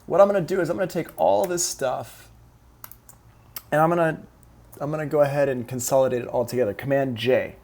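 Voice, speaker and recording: A man's voice: fairly high pitch, fairly quick, vocal fry, a little mellow. A man running a live-streamed music production class, talking students through each step in a casual, upbeat way.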